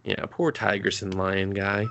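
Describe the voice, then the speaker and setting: A man's voice: lowish voice, little pitch movement, measured pace, vocal fry, a bit bright, lo-fi sound. A man co-hosting a podcast, casually recapping an anime episode in a rambling way, swearing freely and laughing as he goes. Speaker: podcast co-host.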